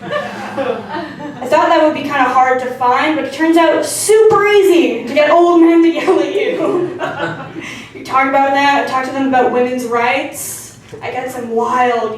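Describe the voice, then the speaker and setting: A young woman performing a stand-up set on a theatre stage, deadpan with crude punchlines, audience laughter behind her. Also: high-pitched, a little slow. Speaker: stand-up comedian. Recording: roomy hall from far off.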